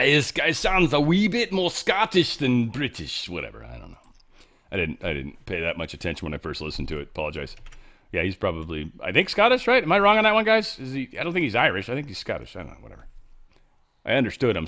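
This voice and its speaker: Sarcastic man riffing on news. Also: on the low side. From United States. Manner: sarcastic, jokey, swings between loud and mumbled asides. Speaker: podcast host. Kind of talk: casual commentary.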